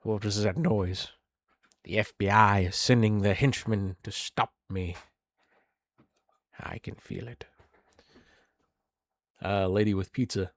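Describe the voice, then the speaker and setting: Lower-voiced man riffing crudely. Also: steady tone, normal speed, no room sound, studio quality. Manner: crude, rambling, mumbled asides. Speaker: solo show host. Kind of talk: casual reaction commentary.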